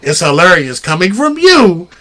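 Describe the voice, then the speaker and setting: Man, high bright voice, animated, teasing podcast banter. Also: normal speed. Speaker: podcast co-host. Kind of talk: casual banter.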